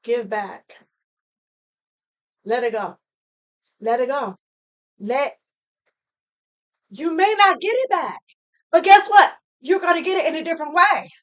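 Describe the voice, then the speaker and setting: A woman's voice: sits high, expressive, slow pace, long pauses, a bit bright. A woman giving a heartfelt motivational talk to camera, earnest and preachy, repeating phrases for emphasis. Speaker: motivational speaker.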